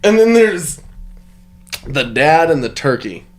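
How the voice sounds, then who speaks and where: A man's voice: a little high, big pitch swings, slow. A man hosting a casual film review podcast, laughing often and acting out lines from the film. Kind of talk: casual chat.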